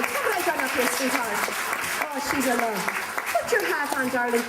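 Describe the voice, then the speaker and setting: In a pirate-themed participation show, a woman performer leads a live audience, theatrical and doting, calling her volunteers love and darling. Her voice is high and expressive at a normal speed. It's recorded from a distance in an echoey room with faint crowd noise.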